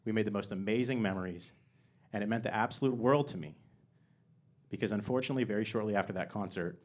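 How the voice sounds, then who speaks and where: A young man performing a stand-up comedy set on a theater stage, moving from soft, sincere build-ups to loud, excited punchlines into a handheld microphone. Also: on the low side, fast. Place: theater stage before a live audience.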